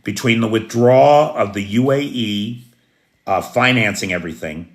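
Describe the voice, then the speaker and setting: A man's voice: lowish voice, normal speed. A middle-aged American man giving blunt, opinionated news commentary full of rhetorical questions. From United States.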